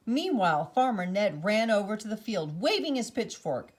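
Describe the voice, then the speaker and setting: Woman, children's book read-aloud, expressive, animated pitch. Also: moderate pace, few pauses.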